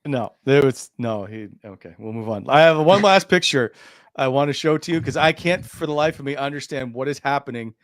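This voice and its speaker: A man's voice: medium pitch, fairly quick, no echo. Joking male host, dry sound. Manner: jokey, stumbling, lots of restarts. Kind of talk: casual interview hosting.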